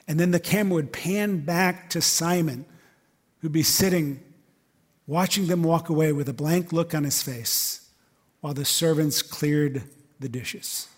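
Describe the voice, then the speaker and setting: A man's voice: a little high, measured pace, long pauses, slightly rough, long reverb tail. A man preaching a sermon in a church service. He preaches in an emphatic, conversational way and keeps asking rhetorical questions. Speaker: pastor.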